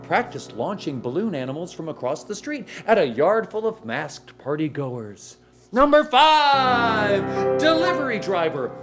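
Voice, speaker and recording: High, lively man hosting a show. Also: measured pace, over music. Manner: folksy, theatrical announcer delivery. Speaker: host of a live-streamed music show. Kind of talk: jokey showman patter. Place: music studio.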